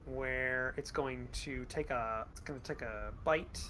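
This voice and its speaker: A man's voice: mid-range voice, a little slow, a bit bright, slight background noise. A man narrating a tabletop game as game master, setting scenes descriptively and calling rolls.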